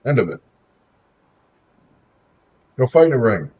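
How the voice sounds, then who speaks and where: A very animated man with a medium-pitched, darkish, husky voice hosts a live stream at an unhurried pace. He chats casually and opinionatedly, calling out viewers by name as he reacts to their comments.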